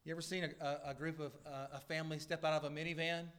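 A middle-aged man preaches a sermon in a church sanctuary. His voice sits a little high and swells into loud, earnest peaks before falling back, with dry asides to the congregation. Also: flat delivery, quick pace, smooth. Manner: earnest preaching with sudden rises in pitch and volume, dry asides. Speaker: pastor.

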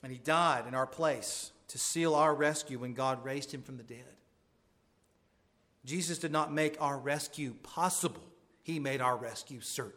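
A man's voice: mid-range voice, normal speed, bright, forceful tone. A male pastor preaching a sermon with earnest emphasis, his voice rising on pointed questions.

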